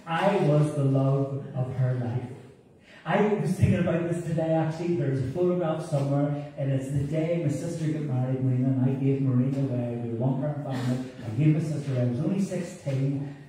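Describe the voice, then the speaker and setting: A man's voice: fairly high pitch, fast. A middle-aged man with a Northern Irish accent, a pastor telling humorous family stories in a sermon. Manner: warm anecdotal, humorous asides. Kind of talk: storytelling sermon. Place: church hall. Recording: echoey church from far off, faint noise.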